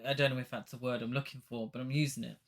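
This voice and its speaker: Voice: medium pitch, little pitch movement, very fast. A podcast co-host chatting casually about an old film, enthusiastic and rambling, often trailing off mid-thought. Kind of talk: casual film-review chat.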